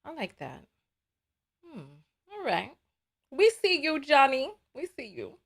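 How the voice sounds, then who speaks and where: A woman's voice: high voice, wildly swooping pitch, slow pace, gravelly, a bit bright. A woman hosting a live reaction stream, reading viewer comments in a blunt, exasperated way and often repeating herself. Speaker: livestream host.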